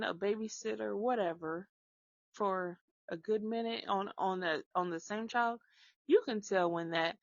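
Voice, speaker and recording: A woman telling a casual story about her kids, animated, dropping into hushed whispers now and then. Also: mid-range voice, no room sound. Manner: animated, drops to hushed whispers when acting out shushing. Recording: slightly dull lo-fi sound.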